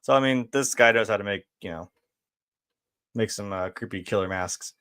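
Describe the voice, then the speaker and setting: A man giving a casual film review, laid-back and rambling, with lots of fillers, swearing and quick laughs. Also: fairly low pitch, a bit bright, smooth.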